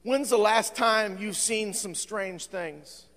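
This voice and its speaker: A male pastor preaching a sermon, with frequent "uh" fillers, swinging between fervent shouting and quieter appeals. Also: sits high, slow pace. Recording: long hall reverb.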